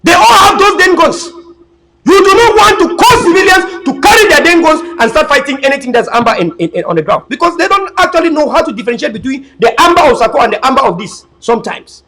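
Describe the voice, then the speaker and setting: A political commentator with an extremely high-pitched, sharp male voice delivers an impassioned talk at a quick, animated clip. He is emphatic and preachy, repeating himself and often stammering into restarts as he stumbles over words. The recording quality is low.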